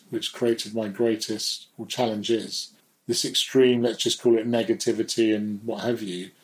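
An adult man, a guest in a candid, reflective conversation, occasionally laughs at himself. His voice is medium in pitch, and the recording is rough.

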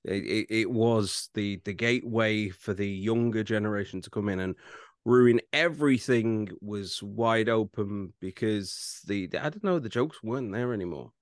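A man with a low voice in a dry, close-sounding room co-hosts a casual film podcast. He teases his co-host with wry comments and sums things up plainly. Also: moderate pace, no room sound.

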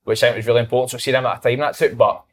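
With crowd noise in the background, a medium-pitched man talks rapid-fire, laughing through his anecdotes. He's a young Scottish football manager and an animated storyteller in a casual chat.

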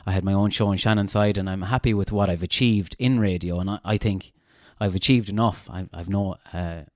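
A man with a Castlebar Irish accent hosts a relaxed podcast chat, drifting into easygoing anecdotes. His voice sits on the low side and sounds close and dry, with no room around it. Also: a little fast, no echo. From Ireland, Castlebar. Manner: chatty, anecdotal, relaxed storytelling. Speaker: podcast host. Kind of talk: casual conversational interview.

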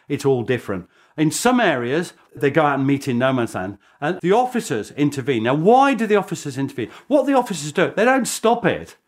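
A British man speaks as a historian in a documentary interview. His pitch swings widely as he tells the story with animated energy, dropping in chuckling asides. His voice sits a little high for a man.

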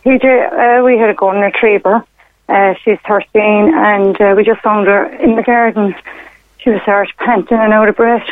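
A woman's voice: mid-range voice, no room sound. Woman caller on a tinny phone. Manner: rambling, hesitant, many fillers and retold quotes. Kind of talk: telling a personal story on a radio phone-in. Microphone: telephone.

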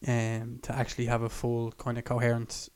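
A man's voice: medium pitch, completely flat delivery, darkish tone, clean tone. A young man hosts a casual podcast in a mid-range voice. He is chatty and joking, leading the conversation with easy questions. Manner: chatty, quick to joke, leads the questions. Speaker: podcast host. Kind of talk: casual chat.

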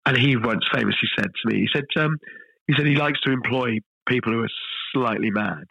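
A middle-aged man, a chef guest telling stories in a relaxed podcast interview, self-deprecating and full of restarts. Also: mid-range voice, a little fast, vocal fry, breathy edge, dry recording, muffled recording. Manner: chatty, self-deprecating storyteller with frequent restarts.

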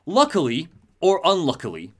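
A man hosting a podcast, animatedly retelling a video game's plot. His voice sits a bit high and swings widely, and he laughs often. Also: huge pitch swings, normal speed, fairly bright tone. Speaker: host. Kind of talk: retelling a video game story.

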